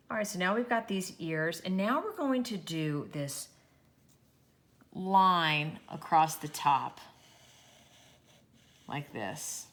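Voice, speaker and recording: Woman art teacher, lowish voice, encouraging, talking while drawing, kids' lesson. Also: takes it slowly, long pauses, a bit bright.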